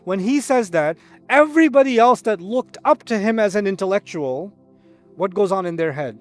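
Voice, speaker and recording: Middle-aged male lecturer, high-pitched and animated, teaching style, faint music under the voice. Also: normal speed. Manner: animated teaching, acts out quoted voices, recites Arabic. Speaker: Islamic lecturer. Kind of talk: Quran lecture.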